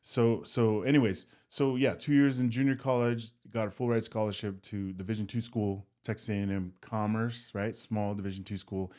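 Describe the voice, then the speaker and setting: A hesitant man speaking on a casual studio podcast. He stumbles and repeats words while he tells a personal story, with a somewhat low voice. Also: steady tone, normal speed, few pauses, a little mellow. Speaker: podcast co-host, former football player.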